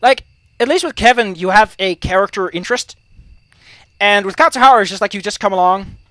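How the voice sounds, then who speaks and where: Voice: medium pitch, a little fast, dry recording. A let's play commentator ranting heatedly about game rules, swearing often while reacting to a game. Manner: profane, heated, animated ranting.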